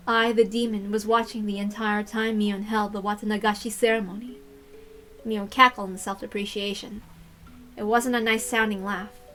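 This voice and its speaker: A woman reads a story aloud in a quiet, even way. Her voice is bright and sits a little high. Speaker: reader. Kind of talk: reading a visual novel aloud.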